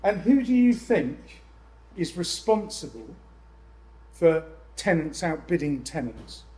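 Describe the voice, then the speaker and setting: Lively man giving a seminar talk. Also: on the high side, takes it slowly, low-quality recording. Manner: lively, jokey, exasperated asides to the audience. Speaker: letting agent speaking at a landlord event. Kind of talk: live seminar presentation.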